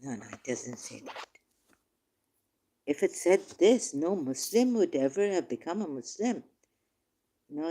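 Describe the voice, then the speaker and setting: A woman's voice: low voice, a little mellow. A woman in a heated religious debate who reads verses aloud and insistently corrects the other speaker. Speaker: debate participant.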